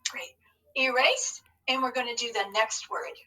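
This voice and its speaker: Cheerful teacher lady doing a spelling lesson, bright voice, sounds a bit far from the mic. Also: on the high side. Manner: upbeat, encouraging, slow and deliberate. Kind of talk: recorded spelling lesson for young students.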